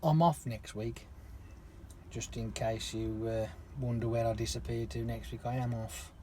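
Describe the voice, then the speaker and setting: A man, swearing constantly as he rants through an animated story to his vlog viewers. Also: medium pitch, measured pace, slight background noise. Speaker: lorry driver vlogger. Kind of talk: casual rant to camera.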